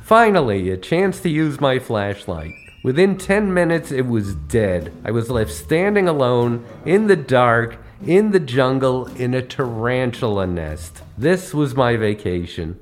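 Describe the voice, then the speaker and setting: A man spins comic travel stories for his podcast, landing each punchline wryly. His pitch is middling but moves a lot, rising and dropping as the jokes build. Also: big pitch swings, a little slow, few pauses, soft background music. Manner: wry, punchline-driven delivery. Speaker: podcast host. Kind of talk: comedic travel storytelling.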